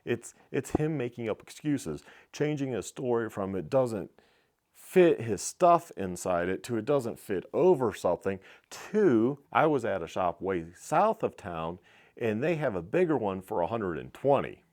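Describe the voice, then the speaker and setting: A middle-aged shop owner with a somewhat low voice tells a story from behind his counter. He is blunt and profane. He tells it in an animated, casual vlog style. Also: unhurried. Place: small motorcycle shop.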